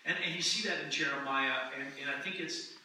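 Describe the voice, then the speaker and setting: Bright man preaching in an echoey hall. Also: a little high, a little fast. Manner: conversational, animated storytelling with acted-out quotes. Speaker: pastor. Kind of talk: sermon. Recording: echoey room, mic at a distance, faint noise.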